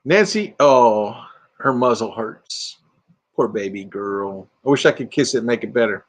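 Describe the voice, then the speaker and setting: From inside his RV, a retired man, middle-aged or older, hosts a casual livestream, playfully reading out viewer comments and joking around. His medium-pitched voice is animated and unhurried.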